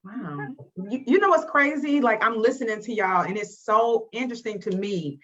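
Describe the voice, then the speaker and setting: A woman co-hosting a podcast in casual chat, expressive and playful, acting out quoted voices. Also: fairly high pitch, moderate pace. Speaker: podcast co-host. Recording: dull lo-fi sound.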